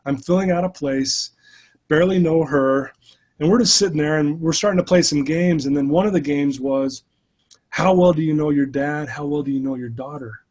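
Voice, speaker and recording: A middle-aged man, a life coach, telling his story as an interview guest in a lively, casual way full of "you know" fillers. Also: fairly high pitch, husky.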